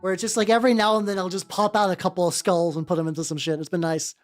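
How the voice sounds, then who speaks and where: A man with a high-pitched voice chatting casually with viewers as he paints miniatures. He rambles, with plenty of fillers, restarts and casual swearing. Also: level tone, rapid-fire. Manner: chats with viewers while working. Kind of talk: casual livestream chat while painting. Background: faint background music.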